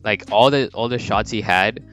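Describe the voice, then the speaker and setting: A young man casually narrating a fan-made sports story, rambling and swearing, with sudden high character voices. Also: normal speed, fairly bright tone. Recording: dull lo-fi mic with faint background music.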